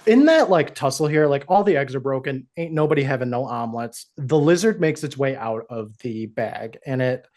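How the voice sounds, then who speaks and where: A man's voice: medium pitch, moderate pace, hardly any pauses. A man on a podcast, casually recapping a TV episode and acting out the characters' lines as he goes. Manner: animated, acts out characters' lines while retelling. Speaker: podcast co-host.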